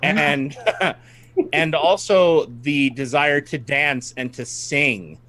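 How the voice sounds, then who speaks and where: A man narrates a tabletop adventure as its game master, slowly and carefully. His voice sits a little high for a man. He breaks into laughter often between descriptions. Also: bright, forceful tone.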